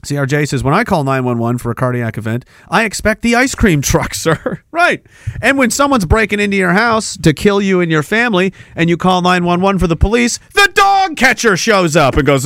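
A man's voice: high-pitched, big pitch swings, brisk, fairly bright tone, no room sound, studio quality. A man from Canada hosting a livestream, ranting angrily and sarcastically and reading viewer comments. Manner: angry, sarcastic, profane ranting. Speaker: livestream host reading chat.

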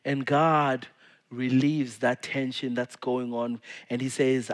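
A male pastor preaching a casual sermon to his congregation, swinging between loud emphasis and hushed asides. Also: mid-range voice, flat delivery, slow pace.

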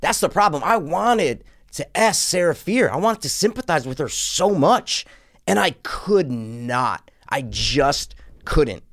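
A man co-hosting a casual movie review chat, talking in a rambling, animated way with many restarts. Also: a little high, slow, no room sound, clean studio sound. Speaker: podcast co-host.

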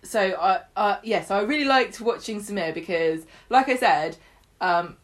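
A woman co-hosting a podcast, chatting eagerly and tumbling through fillers and restarts. Her voice sits at an ordinary pitch for a woman. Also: expressive, unhurried. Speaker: podcast co-host. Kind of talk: casual chat about a soap opera.

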